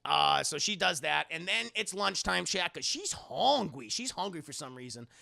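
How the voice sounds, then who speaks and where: Bright gravelly man, sarcastic movie recap. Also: on the high side, animated. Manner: sarcastic, jokey, swears freely, acts out characters in quick asides. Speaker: movie reviewer streaming to a live chat. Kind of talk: casual profane film recap.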